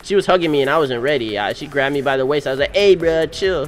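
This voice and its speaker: A young man, recently married, narrating his wedding photos in animated, slangy, casual storytelling. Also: medium pitch, faint music behind. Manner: animated, slangy storytelling with quick voice-acted quotes. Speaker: groom.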